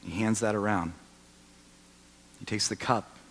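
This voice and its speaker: A man in his thirties preaching a sermon as a pastor, telling the story and swinging from loud to hushed. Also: on the low side, steady tone, a little slow, gravelly. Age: 30s. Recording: long reverb of a large hall.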